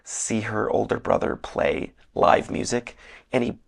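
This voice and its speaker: Young male podcast host, hoarse, low and heavily gravelly, earnest rambler. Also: a little slow. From Northern Michigan. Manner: rambling, filler-heavy, earnest. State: losing his voice, slightly hoarse. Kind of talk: casual solo podcast monologue. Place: hotel room.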